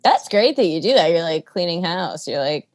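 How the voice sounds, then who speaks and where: A woman's voice: lowish voice, very animated, normal speed, a little mellow. A woman who is a comedian, a guest in a casual podcast chat, candid and self-deprecating.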